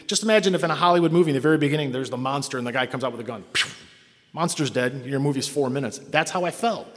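A man's voice: medium pitch, racing. A middle-aged man telling his own recovery story to a meeting, in a candid, self-mocking way. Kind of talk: personal testimony to a meeting. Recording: long hall reverb.

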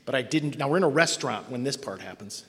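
A middle-aged man telling a story to an audience, animated and self-mocking, acting out other people's voices in his quotes. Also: medium pitch, fast talker, big-room sound. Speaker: speaker sharing a recovery story.

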